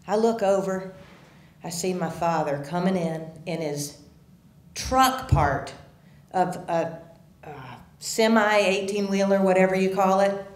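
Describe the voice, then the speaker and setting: Woman, storyteller, live story slam, animated, hushed to loud, echoey theater. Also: mid-range voice, measured pace. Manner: animated, swings from hushed to shouting. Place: theater stage.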